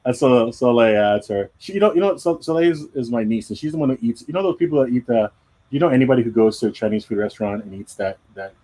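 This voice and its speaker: A man's voice: medium pitch, lively intonation, fast, warm tone, rough recording. A middle-aged man chatting casually on a live drawing stream, rambling and self-deprecating. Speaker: comic artist hosting a live drawing stream. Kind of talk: casual chat.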